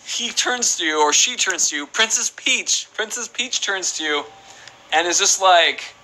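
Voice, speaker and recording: Bright-voiced playful male game streamer. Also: sits high, animated, a little slow, a little hiss or hum, low-quality recording. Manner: rambling, playful, reads chat aloud. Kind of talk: casual live-stream chat while playing.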